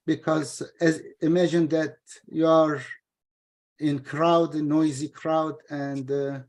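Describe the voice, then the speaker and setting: A middle-aged man whose first language is Turkish, explaining scripture translation in an informal study session, halting with fillers and restarts. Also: a little high, little pitch movement, a little mellow.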